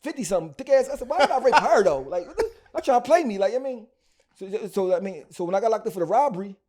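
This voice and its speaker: A man from Philadelphia with a Philly accent, telling his story as a rapper guest in an interview in slangy, animated bursts full of restarts. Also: sits high, fast.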